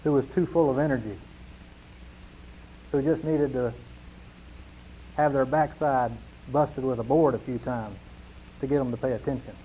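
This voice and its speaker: A man's voice: mid-range voice, fairly even intonation, normal speed, pauses often, a little hiss or hum. Emphatic preaching man, muffled recording. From New Mexico, USA. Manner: emphatic preaching with rhetorical repetition, swinging between loud and hushed. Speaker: pastor. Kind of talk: sermon.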